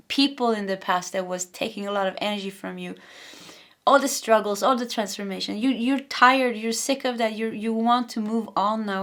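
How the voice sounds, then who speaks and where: Woman, Swedish accent, young adult, tarot reader, fast and energetic, repeats herself, mid pitch. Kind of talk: pick-a-card tarot reading.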